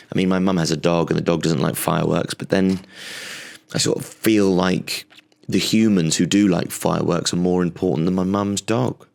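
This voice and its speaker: A man's voice: low voice, gravelly. A man hosting a comedy podcast, rambling and facetious in a solo monologue.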